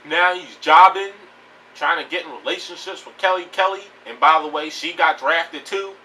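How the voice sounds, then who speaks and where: A man rants bluntly and profanely about wrestling, his voice high-ish and bright, bouncing around in pitch. He rambles and restarts his sentences. He sits a bit back from the mic, with a faint hiss of noise behind him. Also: moderate pace, recorded from a distance, rough recording. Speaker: wrestling vlogger. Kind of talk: casual opinion rant.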